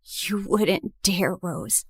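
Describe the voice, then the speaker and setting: A woman's voice: very high voice, very animated, unhurried, sharp tone, dry recording, clean studio sound, exaggerated voice. A woman voicing a cruel, sneering young woman. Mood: cold. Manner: sneering, venomous insults. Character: bitter, cruel young woman, scornful and accusing. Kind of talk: animated story voice acting.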